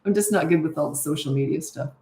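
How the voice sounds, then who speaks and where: Chatty woman in her sixties, lower-pitched. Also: quick pace, dark tone, reverberant. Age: 60s. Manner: chatty storyteller with frequent fillers and laughs. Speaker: parenting coach. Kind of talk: casual livestream Q&A.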